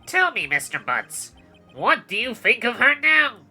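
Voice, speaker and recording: Casting: a formal, pompous prosecutor played by a woman, sharp-toned and lively. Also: a little high, a little slow, slightly rough, soft background music, heavily acted. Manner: formal, theatrical.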